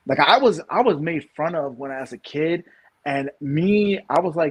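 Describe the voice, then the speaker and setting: A man's voice: on the high side, big pitch swings, fairly quick, husky. A man in his thirties from New York, co-hosting a casual podcast and rambling through opinions with many restarts and emphatic bursts. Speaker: podcast co-host.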